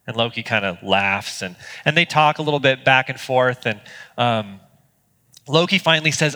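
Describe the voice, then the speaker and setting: A man's voice: medium pitch, moderate pace, sharp tone, big-room sound. A man preaching a sermon as pastor, earnest and conversational, with small restarts. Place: church auditorium.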